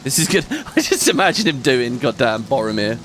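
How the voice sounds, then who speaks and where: A man's voice: medium pitch, wildly swooping pitch, fairly quick, fairly bright tone, faint music behind. A man hosting a let's play, chatting casually and rambling as he thinks aloud and laughs often while he plays. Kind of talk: casual gameplay commentary.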